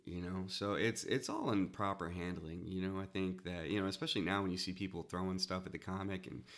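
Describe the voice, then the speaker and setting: A man in casual podcast talk, animatedly telling a comedy club story and leaping into high shouts for quoted lines. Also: fairly even intonation, brisk. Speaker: stand-up comedian and podcast host.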